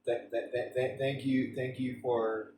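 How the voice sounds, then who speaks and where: A man's voice: medium pitch, a little mellow, echoey room, far from the mic, slight background noise, low-quality recording. A man streaming a game, chatting in a rambling way with frequent restarts and stammers. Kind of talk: casual rambling chat during a game stream.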